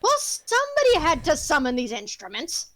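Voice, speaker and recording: A woman's voice: high voice, huge pitch swings, moderate pace, fairly bright tone, heavily acted. A woman voicing a stern, suspicious armored male guard who barks commands. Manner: barking commands.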